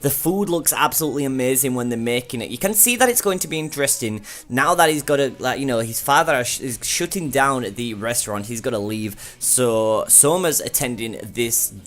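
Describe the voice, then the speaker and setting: A man's voice: medium pitch, a little fast, hardly any pauses, a bit bright. A young man recapping and reviewing an anime episode in a casual, rambling way, full of fillers. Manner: chatty, rambling, with frequent fillers and "like".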